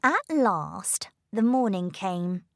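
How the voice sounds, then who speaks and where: A woman narrates a children's storybook. She reads very slowly and deliberately, with a lively, animated pitch. The recording is close and dry. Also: gravelly, dry recording. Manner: slow, careful, expressive read-aloud delivery.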